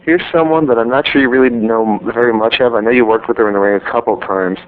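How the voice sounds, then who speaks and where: A man interviewing a guest in a casual way, giving short, low-key prompts and reactions. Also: steady tone, fast talker. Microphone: phone. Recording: tinny phone line.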